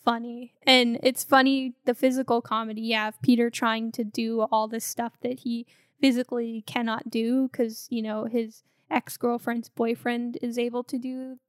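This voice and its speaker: A woman's voice: a little high, little pitch movement, normal speed, clean tone, no echo, studio quality. A woman co-hosting a podcast, casually chatting about a film, laughing often and acting out quotes. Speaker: podcast co-host.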